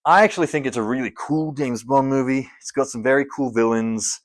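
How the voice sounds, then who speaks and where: A man's voice: mid-range voice, a little fast. Young man, mid-range voice, casual rambling vlog reviewer who hams up the countdown numbers. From Scotland. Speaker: film reviewer. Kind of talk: casual movie-ranking vlog.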